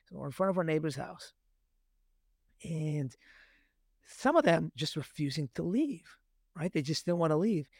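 A man's voice: on the high side, moderate pace, vocal fry, long pauses, dry recording, clean studio sound. A man in his thirties co-hosting a podcast, telling a family story in a casual chat and acting out voices as he goes. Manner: animated storyteller, acts out his kids' voices. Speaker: podcast co-host.

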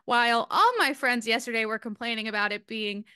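A woman's voice: fairly high pitch, fairly quick, sharp tone, clear, resonant tone, no echo, clean studio sound. A woman co-hosting a podcast from home in casual chat, bubbly and rambling, often breaking into laughs. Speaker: podcast co-host. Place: at home in Boston.

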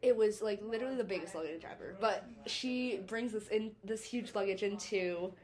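A woman's voice: mid-range voice, normal speed, a little mellow. A young adult woman hosting a podcast in casual chat, talking freely with lots of swearing and filler words. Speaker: podcast host.

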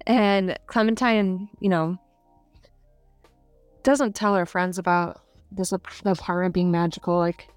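A young woman with a smooth, clear voice talks through a book's plot in an easy, chatty way, with fillers and small laughs. The sound is dry and close, and soft music sits faintly behind her. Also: on the low side, fairly even intonation, a little slow, dry recording. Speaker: podcast co-host. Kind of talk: casual book review chat.

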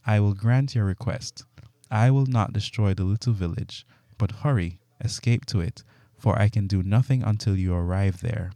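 Stern angels give urgent commands, as a man reads them aloud. Low and dark in tone, close and dry. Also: moderate pace, no echo, close to an everyday voice.

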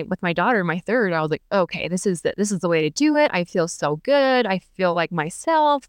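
A woman's voice: on the low side, clean tone, dry recording, clean studio sound. A young adult woman telling her own story as a podcast guest, chatty and candid, full of fillers and restarts. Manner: chatty, many fillers and restarts, laughs between thoughts.

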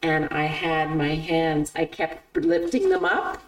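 A middle-aged woman hosting a podcast in casual chat, animated and laughing often. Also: low voice, slow pace, distant mic, low-quality recording. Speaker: podcast host and author.

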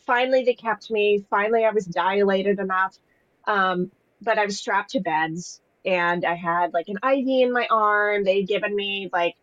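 A young woman speaks as a podcast guest, telling her own story in a candid, emotional, rambling way. Her mid-pitched voice comes through slightly dull and dry, with no room sound around it. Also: moderate pace, a bit bright, no echo. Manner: candid, emotional, heavy use of fillers. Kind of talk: casual personal storytelling.

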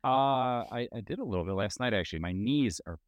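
A man chatting casually on a podcast, relaxed and rambling with fillers. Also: medium pitch, fairly quick, dry recording, dull audio. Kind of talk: casual chat.

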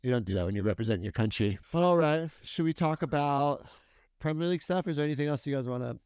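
A man's voice: on the high side, animated, fast, darkish tone, clear, resonant tone, no room sound, studio quality. Man leading a casual soccer podcast. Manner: leads the talk, asks the others questions. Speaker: podcast host. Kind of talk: casual sports chat.

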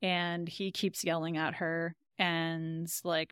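A woman's voice: lowish voice, flat delivery, slow pace, hardly any pauses, fairly bright tone, smooth, no echo, clean studio sound. A woman co-hosting a podcast, casually recapping an episode and retelling scenes in quoted lines. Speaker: podcast co-host.

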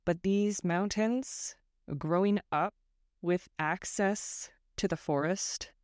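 A woman's voice: on the low side, takes it slowly, darkish tone, smooth, no room sound. A woman from Northern California hosting her own podcast, talking reflectively and with self-deprecating digressions into a close microphone. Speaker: podcast host. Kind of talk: reflective solo podcast monologue.

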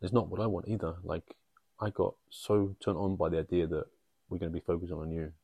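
A man with a deep, gravelly, husky voice chimes in with short, agreeing replies in a casual podcast chat. He speaks quickly and sounds dark and close. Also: level tone, no echo. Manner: brief, agreeing interjections. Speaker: podcast co-host.

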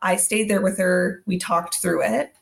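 Gravelly-voiced mom podcaster telling stories. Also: female voice, fairly low pitch, steady tone, measured pace. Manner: storytelling with quoted asides. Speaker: podcast co-host. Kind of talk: casual chat.

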